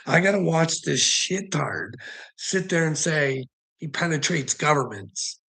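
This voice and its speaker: A man's voice: on the high side, lively intonation, unhurried, vocal fry, sharp tone, husky, poor audio. A Canadian man ranting casually to his viewers, rambling and profane, with frequent chuckles. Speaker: vlogger.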